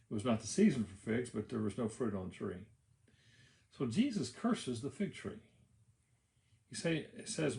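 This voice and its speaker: A man's voice: medium pitch, echoey room. A pastor preaching a sermon, telling the story in an easy conversational way, often restarting his phrases.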